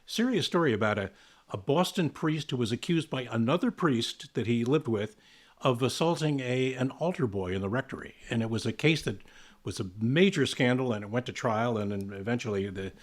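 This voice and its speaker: An older man, a TV news correspondent, reflecting on past stories in a relaxed, anecdotal way. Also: medium pitch, normal speed. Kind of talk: casual chat among colleagues.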